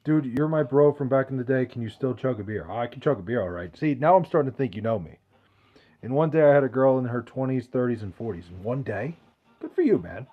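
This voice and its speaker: A man's voice: medium pitch, expressive, brisk, phone-quality sound. A man hosting a podcast, reading out chat questions in loose, profane, joking banter. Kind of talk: casual chat.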